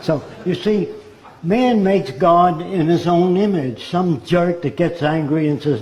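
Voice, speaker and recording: A man's voice: fairly high pitch, takes it slowly, darkish tone. A man giving a blunt, sardonic talk full of rhetorical questions. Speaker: speaker. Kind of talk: lecture-style monologue. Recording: roomy echo.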